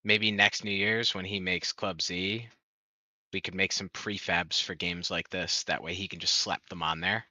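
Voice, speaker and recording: Bright-voiced man brainstorming casually. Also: deep voice, fairly even intonation, no room sound. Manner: upbeat, quick to laugh and throw out ideas. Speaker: game server admin. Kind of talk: casual chat.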